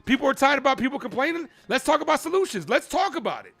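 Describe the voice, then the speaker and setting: A young man with an extremely high, sing-song, creaky voice and a fairly bright tone talks fast over soft background music. He's live-streaming baseball play-by-play, heatedly arguing with his chat and pressing viewers for answers. Between rants he calls the ball-and-strike count.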